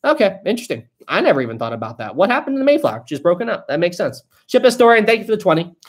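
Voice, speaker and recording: A casual live-stream host who chats with viewers, reads their messages aloud and thinks out loud between them. The pitch is lively and wanders widely. The host laughs easily and keeps things loose and jokey. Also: very fast. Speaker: livestream host reading viewer donations.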